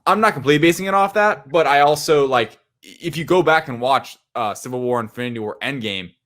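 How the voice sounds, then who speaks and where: A man's voice: medium pitch, animated, a little fast, fairly bright tone. A man co-hosting a movie podcast, talking in an opinionated, emphatic way. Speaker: podcast co-host. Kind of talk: casual movie chat.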